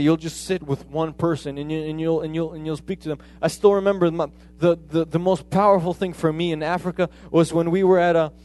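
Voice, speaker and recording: A man's voice: a little high, a little mellow. A man preaching a sermon in a conversational way, often retelling conversations as quoted dialogue.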